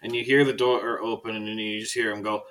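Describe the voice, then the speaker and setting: A man narrating a tabletop game as game master, casual and halting. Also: on the low side, level tone, a bit bright. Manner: casual, halting, with many fillers.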